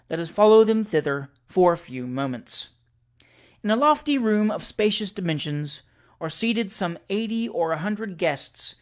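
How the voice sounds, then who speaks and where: Measured reader of classic sketches. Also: medium pitch. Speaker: audiobook reader. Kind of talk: scripted narration of classic sketches.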